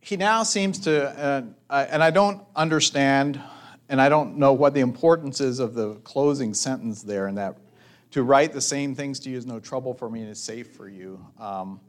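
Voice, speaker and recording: A man preaching a measured, thoughtful sermon as a pastor, pausing for reflective asides. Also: mid-range voice.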